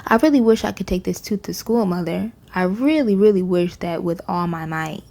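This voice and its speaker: A woman's voice: on the low side, moderate pace, dark tone, close to an everyday voice. Woman doing a bold little kindergarten girl. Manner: whiny and boastful.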